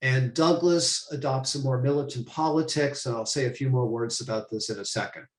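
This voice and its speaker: A man's voice: medium pitch, brisk, reverberant. A man giving an online lecture to teachers, thoughtful and emphatic, often restarting his phrases. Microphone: computer mic on a video call.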